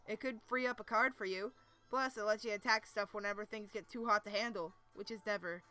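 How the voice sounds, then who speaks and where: A woman voicing a cool, deadpan teenage boy from Texas, trying for a drawled southern accent. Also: mid-range voice, fairly quick, lightly acted. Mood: deadpan teasing. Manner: weak put-on southern drawl.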